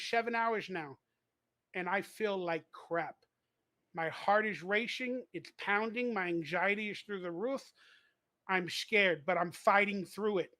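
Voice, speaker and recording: Bright high-voiced man with a lisp. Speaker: livestreamer. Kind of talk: livestream chat to viewers.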